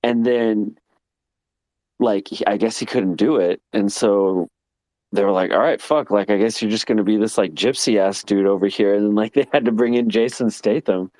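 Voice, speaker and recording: A man from Texas rambles through a casual online voice chat in a fairly low, sleepy voice, laughing and swearing as he goes. His phone mic sounds dry and close, with no room around it. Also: moderate pace, a little mellow, dry recording. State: sleepy, getting ready for bed. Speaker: guest on a live audio chat room.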